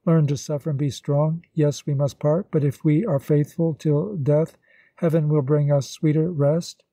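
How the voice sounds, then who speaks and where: A man's voice: fairly high pitch, level tone, warm tone, no room sound. A man reading an earnest young woman, solemn. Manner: solemn, measured, pleading. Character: earnest young woman renouncing her love.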